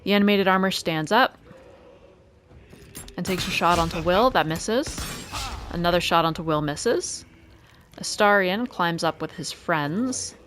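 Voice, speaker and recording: A woman doing let's play commentary, calmly calling out each move and roll of a turn-based game. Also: lowish voice, unhurried, pauses often, a little hiss or hum. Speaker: gaming video creator. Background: faint game music.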